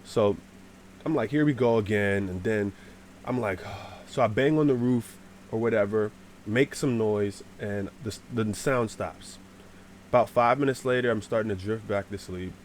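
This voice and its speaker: A man telling a casual, rambling storytime to his channel, slangy, with sudden shouted bits. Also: fairly low pitch, unhurried, slight background noise. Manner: animated, swears, shouts out acted lines.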